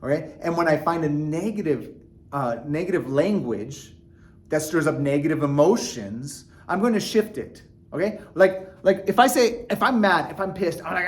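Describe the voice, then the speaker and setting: A man talking earnestly to his viewers in a casual motivational vlog, animated and full of restarts and fillers. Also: a little high, normal speed. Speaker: vlogger. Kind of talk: casual motivational talk to camera.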